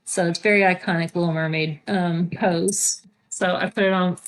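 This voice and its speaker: A woman's voice: on the low side, normal speed, a bit bright, smooth. Chatty woman co-hosting a stitching show. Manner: chatty, bubbly, filler-heavy. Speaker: co-host of a cross-stitch video podcast. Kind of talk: casual chat. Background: TV playing.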